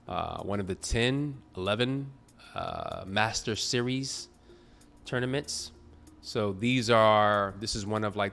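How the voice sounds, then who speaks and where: This low-pitched, fairly bright male voice belongs to a sleepy tennis video creator chatting casually to camera. He rambles and corrects himself as he goes, keeping it chatty for his viewers.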